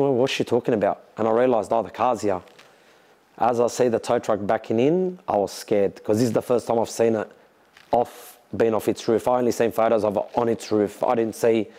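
An Australian man who builds and races cars, telling the emotional story of his crash in bursts and acting out what others said. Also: on the low side. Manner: emotional, talks in bursts, lively quoting of others. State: sore after a crash. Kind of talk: candid storytelling to camera.

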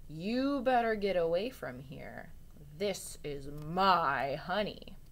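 A woman voicing a big, greedy, grumpy male bear from a storybook, who talks in a gruff, whiny way. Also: fairly low pitch, expressive, takes it slowly.

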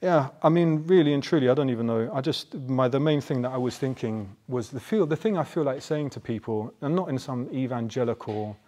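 A man's voice: mid-range voice, fairly quick, hardly any pauses, warm tone. A man in his forties casually telling personal stories in a chatty, rambling way, often tagging his points with a questioning "yeah?". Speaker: Buddhist practitioner.

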